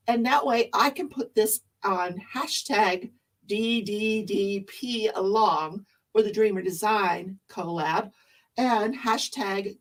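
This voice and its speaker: A woman's voice: medium pitch, recorded from a distance. A woman hosting a craft livestream, chatting casually and greeting viewers. She is losing her voice. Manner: chatty, explains rules, greets viewers by name.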